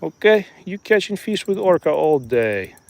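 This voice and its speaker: A man's voice: a little high, big pitch swings, moderate pace, creaky, a little mellow, pitched above the performer's own voice. A man putting on a mock Russian accent to play a cocky fisherman who boasts in broken English. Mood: boastful. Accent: put-on Russian. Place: outdoors by a lake.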